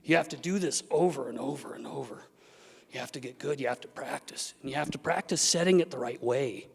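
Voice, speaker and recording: A man giving a symposium talk as a therapist, animated and acting out the voices he quotes. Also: mid-range voice, fairly quick, creaky, breathy edge. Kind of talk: symposium presentation. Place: event hall. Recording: long reverb of a large hall.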